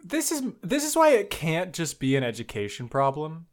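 A man's voice: on the high side, wildly swooping pitch, normal speed. A man co-hosting a podcast, discussing a book casually in an enthusiastic, emphatic and jokey way, with casual swearing. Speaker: podcast co-host.

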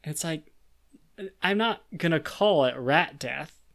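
A man's voice: on the high side, animated, creaky, a bit bright. A young man co-hosting a podcast, chatting casually and laughing about a book. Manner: laughing, joking, quick asides. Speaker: podcast co-host. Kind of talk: casual book discussion chat.

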